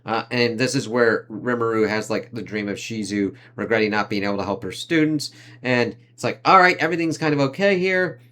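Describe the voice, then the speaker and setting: A man giving a casual, loose review of an anime season, swearing freely and leaning on fillers like "like" and "uh", with quick impressions of the characters he talks about. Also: mid-range voice, a bit bright, a little hiss or hum. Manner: rambling, profane, heavy on fillers like "like" and "uh".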